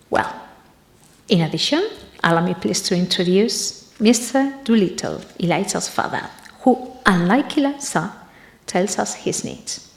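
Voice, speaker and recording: A woman giving an academic conference talk, in a halting way that often pauses to search for the next word. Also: fairly low pitch, vocal fry, roomy sound. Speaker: conference presenter.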